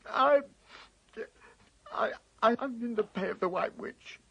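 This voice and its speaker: A woman's voice: fairly high pitch, slow, creaky, a bit bright, husky, full character voice, poor audio. A woman voicing a guilt-ridden, tearful male fawn in an amateur radio play. She talks anxiously and stammers. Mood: guilty, fearful. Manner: anxious, stammering, breaking into sobs.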